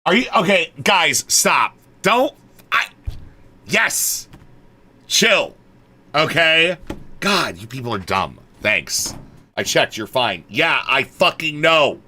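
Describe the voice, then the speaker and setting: A man streaming live and chatting casually, swearing a lot and swinging from low mumbles to exasperated shouting. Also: big pitch swings, slow. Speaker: livestreamer.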